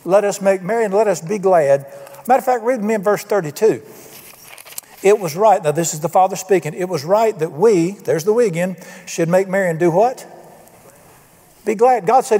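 A man's voice: high voice, moderate pace, dark tone. An older man preaching a sermon, folksy and emphatic, asking his congregation questions. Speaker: pastor. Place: church sanctuary. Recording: church hall reverb.

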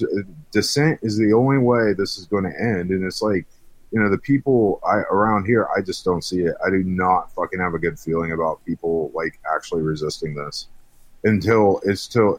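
Frustrated man, profane rant, low voice, dead-dry mic. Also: dry recording. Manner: heated, profane, frequent restarts. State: frustrated, on edge. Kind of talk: angry political rant.

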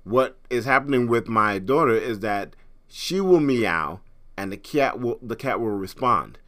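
A middle-aged man from Trinidad hosts a podcast, his mid-range voice slightly bright and animated at a measured pace. The chat is casual and rambling, full of restarts.

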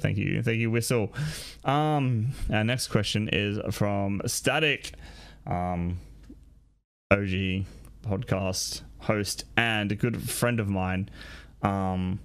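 A young man talks through listener questions on his own podcast, rambling loosely and swearing freely. His voice sits low with a gravelly rasp running through it. He laughs at himself as he goes. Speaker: podcast host.

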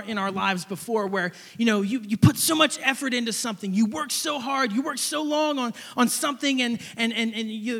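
A young man preaching a sermon, telling a personal story in an animated, rambling way with many restarts. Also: very high voice, gravelly, long reverb tail.

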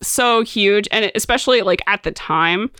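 A woman's voice: mid-range voice, moderate pace, fairly bright tone, clear, resonant tone, no echo, clean studio sound. A woman co-hosting a casual podcast, playful and teasing, reading listener questions and laughing often. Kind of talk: casual chat.

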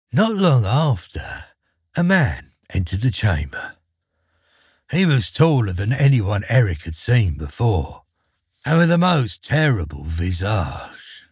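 A man with a husky voice narrating a fairy tale, with dramatic swings in pitch. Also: no room sound, studio quality. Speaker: storyteller. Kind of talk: expressive storybook reading.

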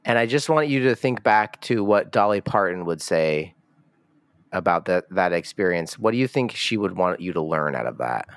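A man's voice: deep voice, sing-song, normal speed, smooth, no echo. A man co-hosting a podcast with dry, teasing asides in casual comedy chat. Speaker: podcast co-host.

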